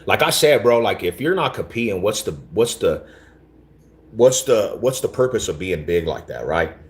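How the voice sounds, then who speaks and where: A man with a very deep, low voice chats loosely with his livestream audience. His talk is slangy, laid-back and full of repeats. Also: very animated, normal speed. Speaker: livestream host. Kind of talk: casual livestream chat, reading chat.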